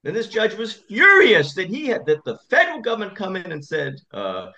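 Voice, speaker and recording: A male attorney gives an interview with an animated, rising and falling voice. He tells stories with emphasis and often repeats himself. The audio is slightly dull and lo-fi. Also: sits high, a little fast, few pauses. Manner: emphatic, repetitive storytelling. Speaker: attorney guest. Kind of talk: interview conversation.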